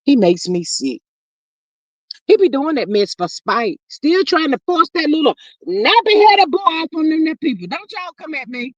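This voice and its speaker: Woman host, chatty livestream banter, slightly high, dull dry sound. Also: sing-song, normal speed, no echo. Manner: chatty, calls listeners "child" and "y'all". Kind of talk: casual chat reading viewer comments.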